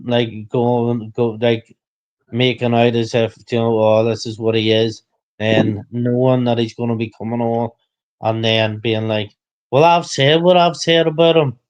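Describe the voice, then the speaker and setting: A man's voice: medium pitch, a little mellow, clean tone, highs cut off. A man hosting a casual livestream chat, rambling and repeating himself, getting heated.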